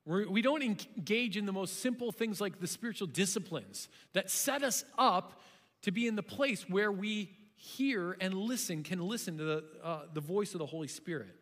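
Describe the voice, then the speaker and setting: A man preaching a sermon as pastor, talking in a conversational, animated way that breaks into sudden loud bursts. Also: sits high, normal speed, long reverb tail.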